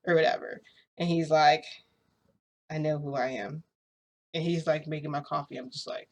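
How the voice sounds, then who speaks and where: A young woman vlogger rambles casually through a personal story in a fairly low voice at normal speed. She's chatty and fills her speech with words like "like."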